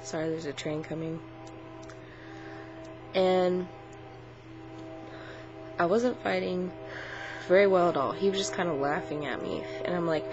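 A woman's voice: on the low side, measured pace, pauses often, over music. Rambling woman on lo-fi camera audio. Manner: rambling, filler-heavy, swearing. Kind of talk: casual vlog retelling a dream. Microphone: built-in camera mic. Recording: dull lo-fi camera audio with faint hum.

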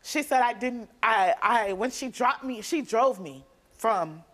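A young woman, a guest on a talk show, recounting events in a rapid, emotional way. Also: fairly high pitch, lively intonation, a bit bright. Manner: rapid, emotional storytelling with restarts. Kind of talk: telling her story on a talk show. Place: TV studio stage.

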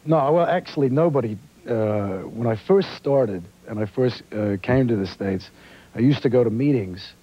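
Husky new york-accent guy chatting on a talk show, dull old tv tape sound. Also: medium pitch, normal speed. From Australia. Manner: relaxed storytelling, animated. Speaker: actor guest. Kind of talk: casual talk show chat.

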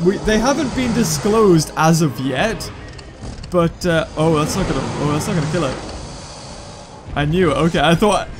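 High, lively gamer commentator. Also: male voice, noisy background. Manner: excitable, thinking aloud, sudden high yelps. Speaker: gaming YouTuber. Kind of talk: live gameplay commentary. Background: game music.

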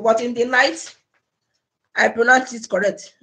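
A woman's voice: high voice, moderate pace, a bit bright, slightly rough. A woman hosting a casual live stream, chatty and laughing often as she greets viewers by name. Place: home in Germany.

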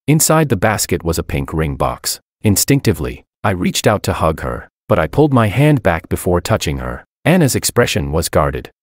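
A man calmly reading a first-person story as its narrator. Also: low voice, dry recording, clean studio sound.

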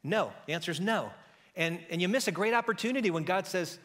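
A man preaching a sermon as pastor, telling a story in a lively conversational way and acting out the characters' voices. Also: high voice, fast, long reverb tail. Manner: conversational with frequent restarts.

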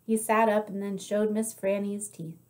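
Expressive woman reading aloud. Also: medium pitch, moderate pace. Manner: expressive, friendly read-aloud delivery. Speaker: storybook reader. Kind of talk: reading a children's novel aloud.

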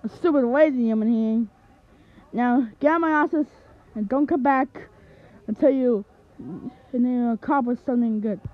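A woman's voice: a little high, normal speed, no room sound, natural voice. A woman voicing a hot-tempered male newspaper boss who berates and insults his employee in a fan animation. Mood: ranting. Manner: barking, insulting, impatient. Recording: tinny lo-fi home recording.

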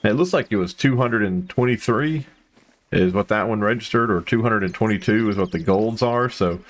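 A man with a low voice talks his way through a hunting video game. He rambles with plenty of fillers, then breaks into excited outbursts at each find. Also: moderate pace. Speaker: gameplay commentator. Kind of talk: casual gameplay commentary.

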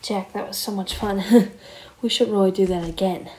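A woman's voice: mid-range voice, steady tone, normal speed, darkish tone, lightly acted, poor audio. A woman voicing a young male wolf in a Minecraft roleplay, talking casually, calling everyone bro and stammering with fillers. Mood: excited. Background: background music.

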